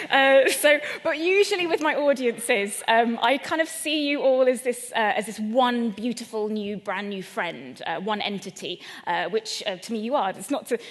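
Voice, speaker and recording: An English woman performs stand-up comedy at an event venue, speaking directly to a live audience in a chatty, playful, self-deprecating way. Her voice is fairly high at a normal speed, with a long reverb tail.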